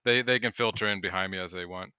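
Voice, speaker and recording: A man playing a tabletop game, talking in a relaxed way. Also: deep voice, fast, clean tone, no echo, lo-fi sound. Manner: relaxed, laughs easily. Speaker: player.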